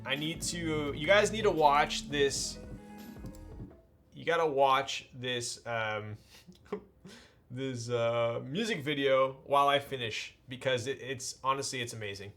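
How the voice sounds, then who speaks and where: Male streamer, relaxed and chatty, medium pitch, faint music underneath. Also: a little slow. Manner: laid-back, greets chat with "yo" and "dude". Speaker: streamer building a keyboard. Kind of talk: casual live-stream chat.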